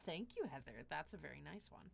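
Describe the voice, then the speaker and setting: A woman's voice: deep voice, very animated, a little fast, vocal fry, background noise. A woman hosting a tabletop game stream, chatting casually through sponsor reads with lots of fillers and restarts. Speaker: dungeon master and show host.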